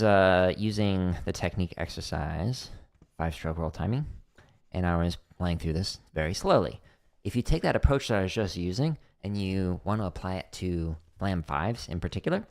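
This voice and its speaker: A man's voice: low-pitched, vocal fry. A middle-aged man hosting a drum practice livestream, chatty and explaining exercises step by step with casual fillers.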